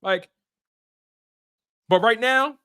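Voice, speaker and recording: A worked-up man hosting a sports livestream, ranting in heated bursts and repeating lines for emphasis. He reads out viewer chats between rising, shouted complaints. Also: extremely high pitch, drawn-out words, clean tone. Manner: heated, repetitive, swings to shouting. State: emotional and worked up. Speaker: sports show host.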